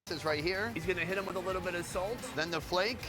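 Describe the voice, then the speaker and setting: Brief: fairly high-voiced male food reviewer, punchy and excited, music bed underneath. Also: fast. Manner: enthusiastic, punchy delivery with comic asides. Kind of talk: energetic food review narration.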